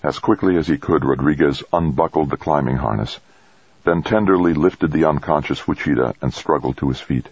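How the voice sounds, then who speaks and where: Deep raspy guy reading an audiobook, dry muffled sound. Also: fairly quick, darkish tone. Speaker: audiobook narrator. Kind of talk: scripted narration.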